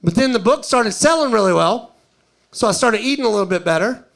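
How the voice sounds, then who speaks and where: A middle-aged man from East Tennessee with a Southern accent, doing a stand-up comedy set and acting out tourists in a higher voice. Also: expressive, a little fast, gravelly, a bit bright. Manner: storytelling, acts out tourists in a higher voice.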